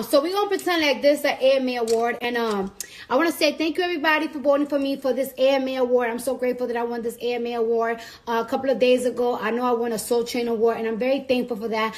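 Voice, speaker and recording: A woman talking casually to her camera, brash, playful and full of profanity. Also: fairly high pitch. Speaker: celebrity vlogger.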